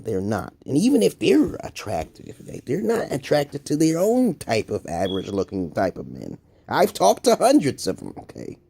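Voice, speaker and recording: Gravelly-voiced man ranting profanely. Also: darkish tone. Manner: profane, rambling, swings from low mutters to high exclamations. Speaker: video blogger. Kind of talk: casual ranting monologue.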